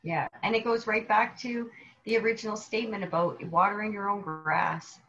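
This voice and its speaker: A woman co-hosting a casual faith chat, telling stories with lively asides and acting out the people she quotes. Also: mid-range voice, moderate pace. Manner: animated storyteller, acts out quoted people. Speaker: podcast co-host. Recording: dull lo-fi sound.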